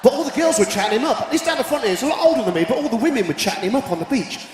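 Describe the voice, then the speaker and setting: A man's voice: very high-pitched, animated, rapid-fire, slight background noise. A man doing a stand-up routine, cheeky, bantering with the crowd and acting out the people in his jokes. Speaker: stand-up comedian. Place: live venue with audience, echoey hall. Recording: echoey hall from a distance.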